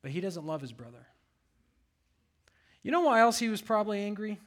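A man's voice: sits high, very animated, brisk. A pastor preaching a sermon, reading scripture aloud and asking his congregation rhetorical questions.

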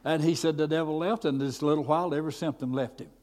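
A man preaching a storytelling sermon in a folksy, animated way, with many fillers and restarts. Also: fairly high pitch, fast talker. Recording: echoey hall.

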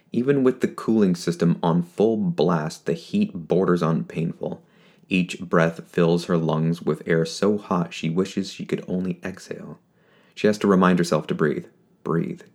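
A man reading scripted fiction narration in a steady, measured way. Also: sits low, vocal fry.

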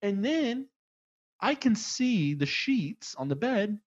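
A man telling a story in casual chat, acting out the people in it with lively swings of voice. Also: sits high, slow pace, lo-fi sound. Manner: animated, acts out the people in his story.

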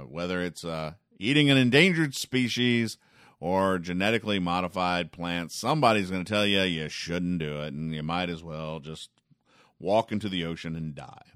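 A man hosting a podcast where he reads comic strips aloud and comments on them, with deadpan, wry asides and frequent ums. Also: sits low, dry recording, clean studio sound. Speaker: podcast host.

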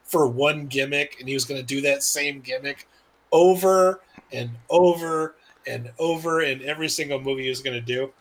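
A man's voice: medium pitch, normal speed, poor audio. A man co-hosting a podcast, rambling casually about movies with plenty of cursing. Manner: relaxed, rambling, curse-laced storytelling. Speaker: podcast co-host.

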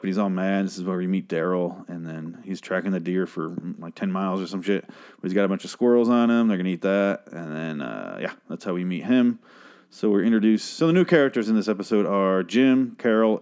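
A man's voice: lowish voice, darkish tone. Rambling, foul-mouthed young man recapping a show. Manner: rambling, crude, exasperated rants. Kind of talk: casual profane episode recap.

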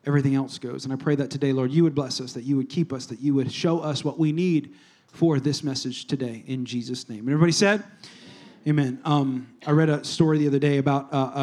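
A male pastor giving a casual, conversational sermon in a church, moving between hushed prayer and animated storytelling. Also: mid-range voice, a little fast.

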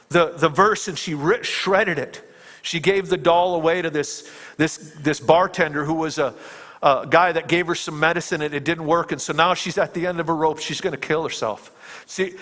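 A fairly high-voiced man preaches a sermon, recounting a film scene with dramatic flair. He drops to hushed tones and then climbs to emphatic peaks. His voice rings with a long reverb in a large hall.

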